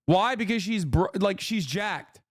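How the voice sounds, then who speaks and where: A man hosting a live stream, giving heated, profane commentary with loud, mocking outbursts. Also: high voice, animated, dry recording, clean studio sound. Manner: quick, sharp bursts into loud outbursts. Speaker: streamer host.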